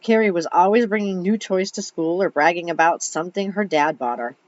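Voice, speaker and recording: A woman's voice: fairly low pitch, brisk. A woman reading a children's book aloud, with chatty asides between passages. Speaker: reader. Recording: dull lo-fi recording.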